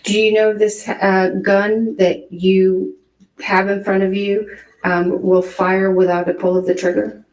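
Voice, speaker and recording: A woman's voice: medium pitch, flat delivery, a little slow. A woman attorney questioning a witness, asking probing questions with hesitant fillers. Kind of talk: courtroom questioning. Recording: roomy courtroom audio, distant mic.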